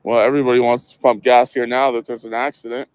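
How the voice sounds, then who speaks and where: A man chatting calmly on a livestream, musing aloud about what he sees. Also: mid-range voice, fast, smooth, no room sound. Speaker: livestreamer on a watched clip. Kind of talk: casual livestream chat.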